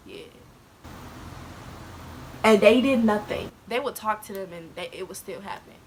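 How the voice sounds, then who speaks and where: A woman's voice: mid-range voice, moderate pace, long pauses, slight background noise. A teenage girl talking candidly to the camera, telling a personal story in casual slang and laughing as she goes. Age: teens. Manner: candid, laughs to cope, quotes others, African American slang. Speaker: vlogger.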